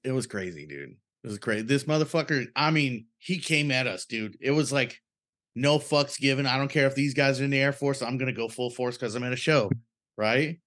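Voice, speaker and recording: A man's voice: medium pitch, brisk, a bit bright, no room sound, clean studio sound. Laid-back swearing male podcast host. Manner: loose, profane, laid-back. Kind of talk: casual podcast chat.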